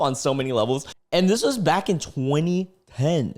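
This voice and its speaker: A man's voice: a little high, lively intonation, normal speed, few pauses, a little mellow. A young man hosting a casual reaction video, laid-back and slangy, often laughing and exclaiming.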